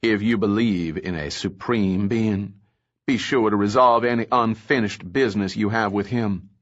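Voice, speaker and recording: A man's voice: lowish voice, moderate pace, a bit bright, muffled recording, lightly acted. A man voicing a cold, self-satisfied male villain who speaks in a languid, mannered way. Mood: menacing.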